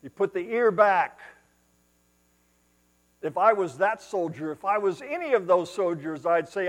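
A male preacher delivering a sermon, retelling scripture as dramatic storytelling, rising to loud exclamations and dropping to hushed asides. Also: sits high, lively intonation, measured pace, pauses often, in a large hall, low-quality recording.

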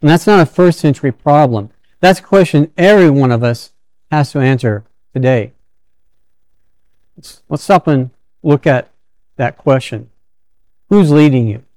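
Smooth-voiced man preaching a sermon. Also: on the high side, darkish tone, dry recording. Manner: conversational storytelling with frequent restarts.

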